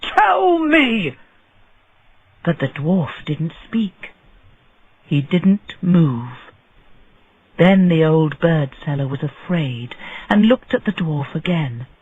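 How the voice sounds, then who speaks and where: A man telling a story in slow, deliberate audiobook narration for English learners. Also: fairly high pitch, lively intonation, no echo, phone-quality sound. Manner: clear, deliberate phrasing.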